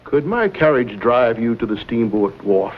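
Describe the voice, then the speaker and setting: An actor playing a scheming villain who speaks with smooth, mocking courtesy. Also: male voice, medium pitch, big pitch swings, normal speed. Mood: menacing. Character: suave scheming male villain in silken gloves. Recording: dull old TV audio with faint hiss.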